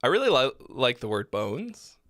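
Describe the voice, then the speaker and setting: A man hosting a live song-feedback stream, speaking bluntly with many fillers and frequent throat clearing. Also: medium pitch, sing-song, moderate pace, fairly bright tone, dry recording, clean studio sound. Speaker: host giving song feedback. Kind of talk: casual live critique.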